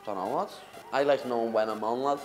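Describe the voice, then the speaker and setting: A young man with a Liverpool accent talks in a relaxed interview, cocky and brash. He keeps calling the other man "lad" and jokes his way through every answer at an ordinary, middle pitch. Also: brisk, faint music behind. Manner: cocky, banter-heavy, says "lad" constantly. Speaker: MMA fighter. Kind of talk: casual interview.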